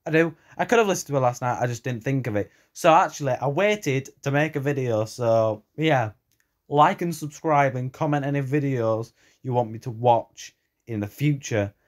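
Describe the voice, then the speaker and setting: A man chats loosely to a camera set up at home. He restarts his sentences and fills gaps with "you know". His voice sits at a plain middle pitch. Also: moderate pace. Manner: rambling, repeats fillers like "you know". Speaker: reaction video creator. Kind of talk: casual rambling talk to camera. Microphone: camera set up at an odd angle.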